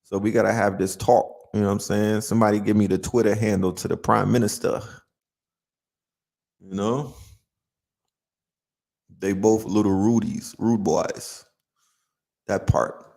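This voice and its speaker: A man's voice: fairly low pitch, steady tone, measured pace, vocal fry, pauses often, darkish tone. A man hosting a casual live-stream chat, joking around and tagging lines with "you know what I'm saying". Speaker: host.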